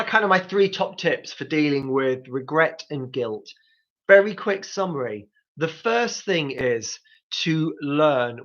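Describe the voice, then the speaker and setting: A man's voice: fairly high pitch, fairly bright tone, lo-fi sound. A man hosting a live grief support talk, coaching listeners directly with practical tips. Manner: coaching, speaks straight to listeners.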